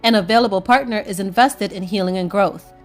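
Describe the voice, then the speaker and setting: A woman reading scripted narration as a relationship coach, in a measured, explanatory way. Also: mid-range voice, faint music behind.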